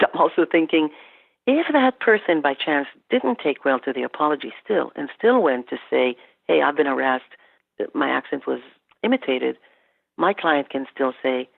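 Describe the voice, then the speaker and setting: Woman from Canada, podcast guest, animated storyteller, gravelly edge, tinny phone-line sound. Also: deep voice, no echo. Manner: animated storytelling, quoting herself and clients. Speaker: guest expert on workplace incivility. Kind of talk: podcast interview.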